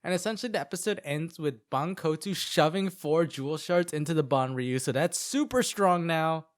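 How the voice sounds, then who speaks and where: Man, podcast host, rambling casual recap, slightly high voice. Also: lively intonation, normal speed. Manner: chatty, rambling recaps with many "like"s and acted-out quotes.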